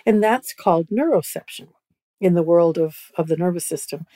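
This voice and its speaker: A woman's voice: on the low side, normal speed, dark tone, no echo. A woman guest on a podcast over a video call, explaining at length and often checking in with "right?". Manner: repeats "right?" often, starts phrases over. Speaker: guest expert. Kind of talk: conversational explanation.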